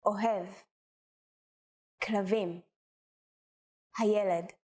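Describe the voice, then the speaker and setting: A woman teacher calmly demonstrating example sentences in a lesson, speaking carefully. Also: medium pitch, big-room sound. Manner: calm, careful, slow example phrasing. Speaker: language teacher.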